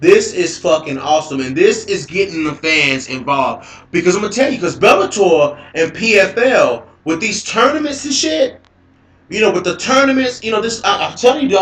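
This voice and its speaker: A man hosting a casual mixed martial arts talk show. He rambles, curses and repeats himself as he gets excited. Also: sits high. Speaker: host of MMA talk show. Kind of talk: casual live-stream commentary. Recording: echoey live-stream audio.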